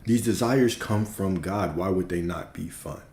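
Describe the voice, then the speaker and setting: A man gives a spiritual talk in an emphatic, preacherly way, repeating his points and dropping the odd swear word. His voice sits low and sounds dark and mellow. The recording is roomy, with a noticeable echo. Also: a little slow. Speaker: spiritual teacher. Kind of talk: livestream teaching.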